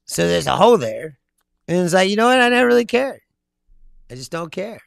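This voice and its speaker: A middle-aged man hosts a casual political chat, reading viewer comments aloud and answering them with profane, laughing stories told in an animated way. His voice is high-pitched, creaky and fairly quick. The recording is dry, with clean studio sound.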